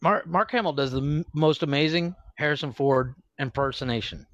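A man's voice: a little high, normal speed, few pauses, no room sound, low-quality recording. A man hosting a podcast, telling a story in a rambling way, swearing freely and laughing often. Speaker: podcast host. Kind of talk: casual profane chat.

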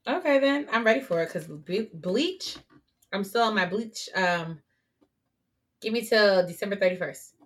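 A woman's voice: mid-range voice, expressive, normal speed. A woman co-hosting a podcast, chatting casually and playfully about anime, laughing often. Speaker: podcast co-host.

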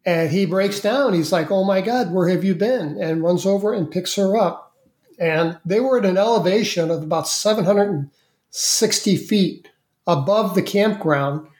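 An interview guest telling a story in a casual, halting way, with many fillers and repeated words. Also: medium pitch, a little mellow. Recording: echoey room.

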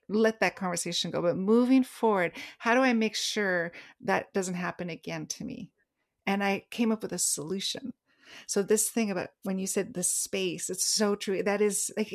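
A woman co-hosting a podcast in casual chat, telling stories animatedly and slowing down to stress key words. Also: medium pitch. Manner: animated storytelling, slows down for emphasis. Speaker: podcast co-host.

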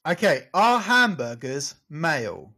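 A playful man with a high voice, co-hosting a relaxed chat show. He jokes around and drags out his punchlines for effect. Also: slightly rough. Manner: playful, jokey, drawn-out punchlines. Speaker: co-host. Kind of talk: casual show banter.

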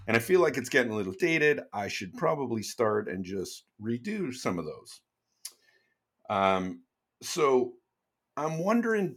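A man co-hosting a podcast, telling stories in a relaxed, chatty way. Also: mid-range voice, slightly rough. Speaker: podcast co-host. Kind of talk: casual chat.

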